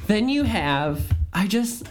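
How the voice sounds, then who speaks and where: A man co-hosting a podcast, chatting casually about a film in an animated, jokey way. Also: slow, a little hiss or hum. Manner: animated, jokey, with sudden pitch jumps. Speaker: podcast co-host. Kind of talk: casual film-review chat.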